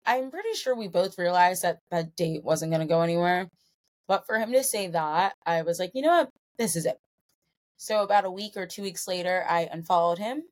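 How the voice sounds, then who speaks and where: A woman in her twenties hosting a solo podcast, a little tipsy, telling a long story in a chatty, rambling way with self-corrections. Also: lowish voice. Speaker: podcast host.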